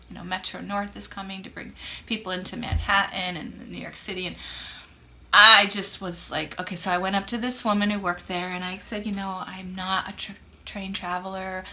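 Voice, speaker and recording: A woman in her fifties with a bright, crisp voice tells a personal story for her podcast. She talks in a chatty, self-deprecating way and acts out the lines of the people in it. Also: medium pitch. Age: 50s. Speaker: podcast host. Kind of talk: casual storytelling chat.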